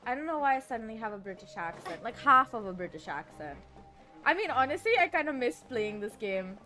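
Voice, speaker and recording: A bubbly woman streamer rambles happily as she plays, her high, bright voice tumbling from one thought to the next. Her chatter is loose and giggly, full of restarts and little asides. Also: big pitch swings, brisk, faint music behind. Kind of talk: casual let's-play chatter.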